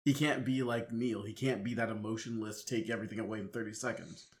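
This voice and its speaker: A man co-hosting a casual movie podcast, talking in halting runs full of restarts and fillers. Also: lowish voice, fairly even intonation. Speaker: podcast co-host.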